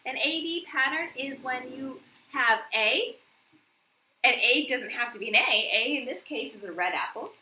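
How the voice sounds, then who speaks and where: Woman teacher, high bright voice, patient classroom manner, roomy echo. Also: expressive, moderate pace, recorded from a distance, slight background noise. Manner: patient, prompting questions and praise. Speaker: elementary school teacher. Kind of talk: morning meeting lesson for young children.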